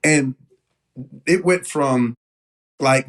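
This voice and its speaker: A man from talks as an interview guest, telling stories in a loose, lively way. His voice sits at an ordinary middle pitch, and he often stops and restarts with "uh" and "like.". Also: slow, pauses often. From Knoxville, Tennessee. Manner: animated storyteller, many fillers and restarts. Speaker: guest, business owner. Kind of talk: casual storytelling interview.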